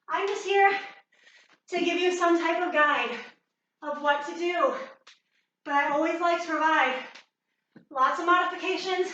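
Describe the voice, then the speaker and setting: A woman's voice: extremely high pitch, pushed and bright, very echoey, distant mic, dull audio. A woman fitness instructor leading a workout, cueing moves while exercising and getting out of breath.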